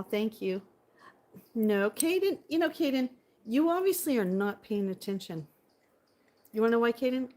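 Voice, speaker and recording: A woman's voice: mid-range voice, a little mellow. A woman from California in a bubbly, casual live-stream chat at home, answering viewers on her phone. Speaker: vlogger. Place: home indoors by a window.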